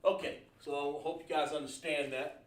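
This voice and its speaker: A man gives a classroom lesson, patiently explaining and repeating words with frequent "uh" fillers. His voice sits a bit high for a man. It is picked up from across an echoey room. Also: fairly even intonation, moderate pace, far from the mic. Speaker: teacher. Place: classroom with a board.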